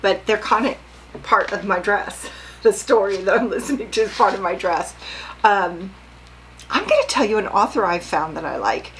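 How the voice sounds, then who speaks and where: A woman's voice: medium pitch, a little hiss or hum, rough recording. Older woman chatting about her sewing. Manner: chatty, rambling, asks viewers questions. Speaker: sewing vlogger. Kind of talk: casual chatty vlog.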